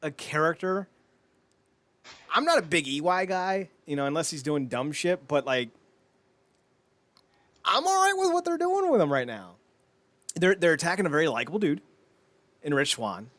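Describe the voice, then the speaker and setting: A man co-hosting a podcast, excitable and mocking in casual chat. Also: a little high, no room sound. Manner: excitable, mocking, quick to laugh. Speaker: podcast co-host.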